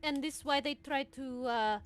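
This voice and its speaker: A woman playing in a tabletop game, talking in a chatty, halting way with broken English. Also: high-pitched. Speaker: player. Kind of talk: casual tabletop game talk.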